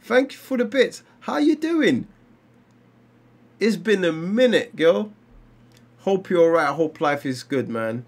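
Animated streamer, lively voice. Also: male voice, fairly high pitch, measured pace. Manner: animated, exclaiming and laughing while reacting. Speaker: livestreamer reading comics. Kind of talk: casual live-stream commentary.

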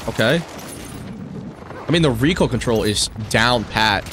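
A young man streaming a shooter game, commenting live with profane, excitable and frustrated outbursts. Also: medium pitch, measured pace, pauses often, background noise. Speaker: gaming streamer.

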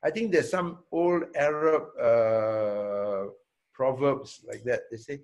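A man, a hotel owner, answering students' questions in a Q&A, deliberate and emphatic, often checking in with a quick "yeah?" and repeating words for emphasis. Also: medium pitch, darkish tone. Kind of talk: Q&A talk.

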